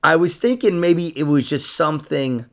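A man's voice: fairly high pitch, lively intonation, moderate pace, a bit bright. A man hosting a podcast in casual chat, teasing his guest and swearing freely. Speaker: podcast host.

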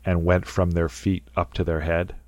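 A man's voice: low-pitched, level tone, moderate pace, a little mellow, no echo, clean studio sound. A man co-hosting a casual podcast, talking through a film scene and acting out quotes in goofy voices. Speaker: podcast co-host.

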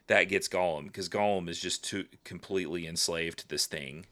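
A man's voice: low-pitched, moderate pace, pushed and bright. A man co-hosting a podcast, talking through a book chapter in an earnest, casual way, thinking aloud. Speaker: podcast co-host.

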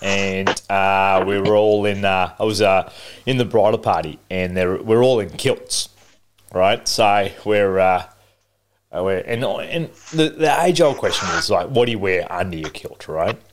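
A man with a fairly low voice chats easily on a podcast. He pauses and restarts often, padding his sentences with fillers. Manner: relaxed, halting with fillers. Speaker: podcast co-host. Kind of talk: casual chat.

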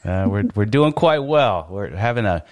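Host: a man with a lowish voice, cheerful, laughing easily with guests. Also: animated, normal speed. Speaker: podcast host. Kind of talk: casual interview chat.

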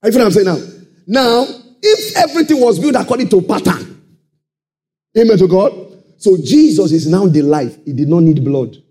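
A man preaching a sermon, calling out to the congregation and swinging into shouted and half-sung phrases. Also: high-pitched, brisk. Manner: animated call-and-response preaching, sudden shouts and sung phrases.

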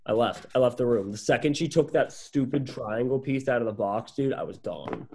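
A young man co-hosting a casual podcast, telling a story in a lively way and acting out what people said. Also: medium pitch, moderate pace. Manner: animated, swears casually, acts out quotes. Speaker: podcast co-host.

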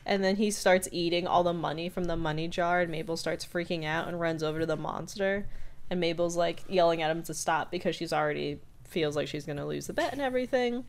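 A woman co-hosting a podcast, recapping a cartoon episode in a casual chat with lively retelling and frequent giggles. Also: fairly low pitch. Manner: animated retelling, quick voice switches for quotes, frequent giggles. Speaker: podcast co-host.

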